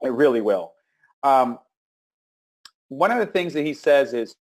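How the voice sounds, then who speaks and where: A man's voice: mid-range voice, lively intonation, normal speed, long pauses. A man coaching network marketers on a live webinar, talking casually with fillers and repeated words, and acting out sample scripts with emphasis. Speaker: sales coach.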